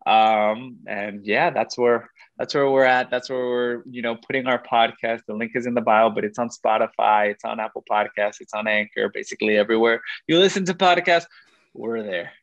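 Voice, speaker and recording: Friendly radio host as a guest. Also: male voice, mid-range voice, little pitch movement, normal speed, few pauses, dry recording, dull audio. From Mexican American. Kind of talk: casual interview chat.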